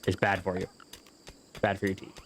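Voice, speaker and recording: A man's voice: low voice, monotone, normal speed, slight background noise. A man giving casual, rambling gameplay commentary, joking around and swearing freely as he plays. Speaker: gameplay video host.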